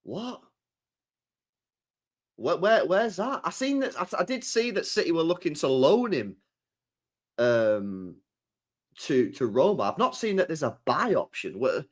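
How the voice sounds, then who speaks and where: A man's voice: fairly high pitch, very animated, a little slow, long pauses. A man hosting a live stream, ranting about football in a repetitive, slangy, sweary way. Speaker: streamer host.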